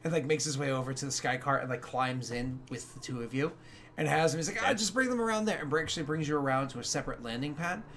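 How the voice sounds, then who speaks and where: A man's voice: mid-range voice, steady tone, quick pace, a bit bright, a little hiss or hum. A man narrating as game master, rambling with many fillers and restarts.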